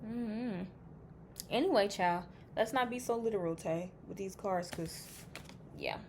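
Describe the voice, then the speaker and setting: A woman's voice: medium pitch, sing-song, measured pace, a little mellow, slight background noise. A woman giving a casual pick-a-card tarot reading. She is chatty and blunt, swears freely, and thinks aloud as she reacts to the cards.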